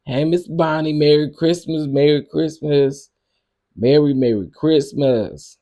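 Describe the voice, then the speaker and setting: A man's voice: a little high, measured pace, warm tone. A man hosting a casual live chat, upbeat as he calls out greetings to listeners by name.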